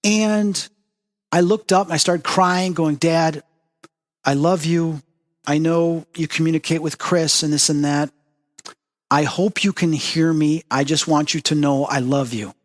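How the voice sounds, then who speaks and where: A man's voice: on the high side, fairly even intonation, a little slow, big-room sound, close to an everyday voice. A man voicing his sister, speaking in a raised, earnest and heartfelt way. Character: emotional adult sister, heartfelt.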